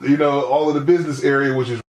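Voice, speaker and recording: A man speaks in casual podcast chat with a wry, amused tone. He talks at a middle pitch. The room around him is echoey. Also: steady tone, quick pace. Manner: wry, amused storytelling with laughs and sighs. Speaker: podcast co-host.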